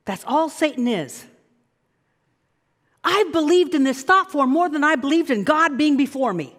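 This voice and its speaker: A woman minister delivers a sermon in a high, bright voice that swoops up and down with enthusiasm. She coaxes her listeners to repeat lines back to her. Her voice rings out with a long reverb in a large hall. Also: moderate pace. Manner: animated, coaxing the congregation to repeat after her.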